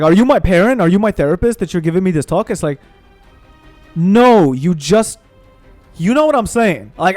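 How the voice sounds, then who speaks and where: A young man hosting a gaming channel, ranting in a heated, profane, animated way while he plays. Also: on the high side. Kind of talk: ranting commentary over gameplay.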